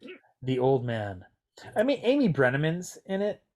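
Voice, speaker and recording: A man's voice: a little high, wildly swooping pitch, normal speed. A man co-hosting a casual podcast, talking at length with many hedges and restarts. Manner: chatty, hedging, full of fillers and restarts. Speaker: podcast co-host. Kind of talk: casual chat.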